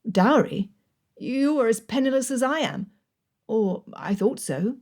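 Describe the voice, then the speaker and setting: A woman voicing a gallant young army colonel who speaks earnestly and a little gruffly. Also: fairly high pitch, expressive, a little slow, a little mellow. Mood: exasperated.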